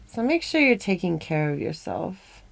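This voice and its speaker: A woman's voice: lowish voice, big pitch swings, moderate pace, gravelly, noisy background. A woman doing a live comedy tarot reading in character as a demon, teasing and playful as she improvises. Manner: playful, teasing, giggly, slides into mock-villain boasts.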